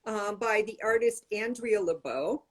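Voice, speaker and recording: A woman's voice: medium pitch, unhurried. A middle-aged woman hosting a show, chatting casually and demonstrating accessories as she talks. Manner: chatty, demonstrative, talks while showing items. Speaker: show host. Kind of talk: casual conversational style demonstration.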